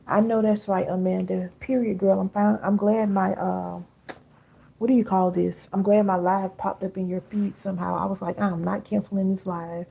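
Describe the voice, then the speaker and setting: Woman host, middle-aged, dark mellow tone with some rasp, talking casually to her live viewers. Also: mid-range voice, flat delivery, moderate pace. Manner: chatty, reads viewer comments aloud, calls viewers baby and girl. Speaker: live-stream host and healing coach. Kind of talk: casual live-stream coaching talk.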